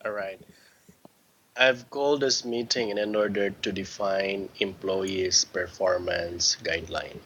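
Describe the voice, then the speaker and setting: A man teaching a one-on-one English lesson, patiently correcting his student's words and often clearing his throat. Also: low voice, steady tone, slow pace, fairly bright tone, highs cut off, slight background noise. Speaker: English tutor.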